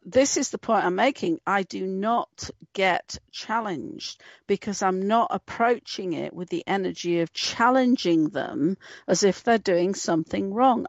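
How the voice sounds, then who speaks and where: A woman's voice: mid-range voice, creaky, no echo, lo-fi sound. A woman in a casual video-call chat, talking with a lot of energy, laughing often and swearing now and then. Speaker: guest.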